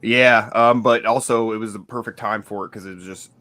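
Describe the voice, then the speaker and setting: A man's voice: lowish voice, fairly even intonation, brisk, sharp tone. A man co-hosting a casual podcast chat, rambling and laughing often, with many fillers like "like". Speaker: podcast co-host.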